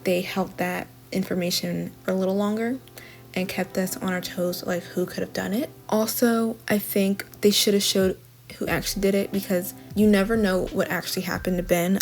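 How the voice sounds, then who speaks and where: Chatty woman recapping a TV show. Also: lowish voice. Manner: chatty plot recap with frequent "like" and quoted dialogue. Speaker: TV review vlogger. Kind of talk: casual spoken TV review.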